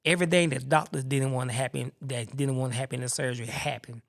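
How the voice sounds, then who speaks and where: Man, podcast host, gravelly mid-pitched voice, animated faith testimony. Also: fast talker. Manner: animated storyteller acting out the people he quotes. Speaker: podcast host telling his own story.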